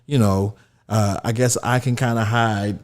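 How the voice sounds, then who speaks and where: A man from Florida hosting a casual chat about TV shows, relaxed, with lots of fillers and "you know". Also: lowish voice, unhurried. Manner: laid-back, many fillers and "you know". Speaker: host.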